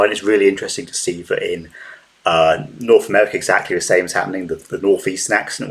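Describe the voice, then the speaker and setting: A man's voice: low-pitched, breathy edge. A British man hosting a reaction video, giving thoughtful, hesitant commentary with frequent restarts.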